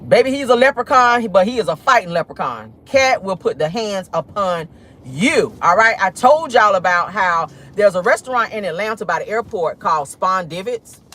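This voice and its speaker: A woman hosting a casual gossip vlog, telling stories in a sassy, animated way while driving. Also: mid-range voice, normal speed. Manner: animated, sassy, swearing storyteller. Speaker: host. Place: in a car, driving.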